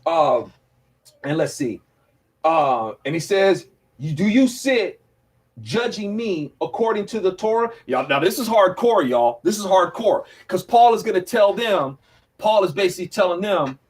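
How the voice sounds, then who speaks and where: A man hosting a casual Bible study, teaching in a lively, jokey way and acting out the scenes he reads. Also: high-pitched, unhurried.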